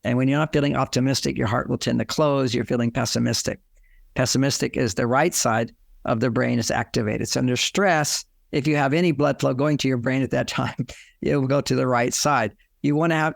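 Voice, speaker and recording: A man's voice: mid-range voice, vocal fry, dry recording, clean studio sound. An older man, a relationship author, giving advice in an interview and acting out the lines couples say. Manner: explanatory, acts out quoted lines.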